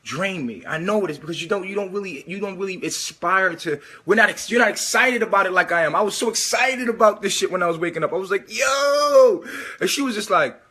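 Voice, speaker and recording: High, husky-voiced preachy male vlogger. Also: fast, hardly any pauses. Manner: animated, swears often, preachy. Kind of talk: casual preaching monologue.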